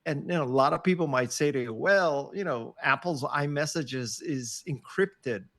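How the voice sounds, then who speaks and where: A man over sixty, a podcast guest on a video call, chatting casually as an animated, joking storyteller. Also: a little high, normal speed. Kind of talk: casual interview chat. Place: home office on a video call.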